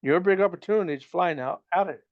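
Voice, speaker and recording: A man voicing a cocky, gruff smuggler who teases and scolds in a storybook reading. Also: high-pitched, quick pace, lo-fi sound, voice pushed up, natural voice. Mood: teasing. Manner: gruff, stern, teasing. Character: cocky roguish male smuggler, gruff and teasing.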